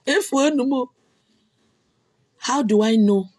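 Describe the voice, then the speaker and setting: Nigerian lady chatting on a live stream, kinda breathy voice, loud bursts, repeats herself a lot. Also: on the high side, takes it slowly. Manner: emphatic, repetitive, bursts of loud exclamation. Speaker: livestream host answering comments. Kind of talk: casual chat.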